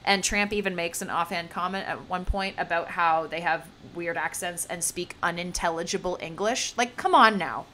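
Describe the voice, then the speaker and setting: A woman's voice: on the low side, normal speed, hardly any pauses, sharp tone, a little hiss or hum. A woman co-hosting a casual podcast discussion, talking emphatically and often saying "like" and "you know.". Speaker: podcast co-host.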